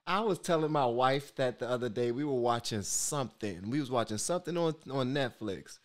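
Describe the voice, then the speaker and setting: A man hosting a reaction video, retelling stories in a relaxed, casual way. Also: mid-range voice, fairly quick. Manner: relaxed, swings into excited retelling.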